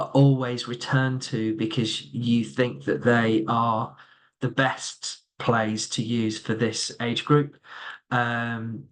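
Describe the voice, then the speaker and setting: A man runs an online training session for teachers over a computer mic, reading out their questions and answering them. His delivery is loose and conversational, full of ums and small restarts. His voice sits at an ordinary middle pitch. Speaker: subject advisor leading a teacher training webinar.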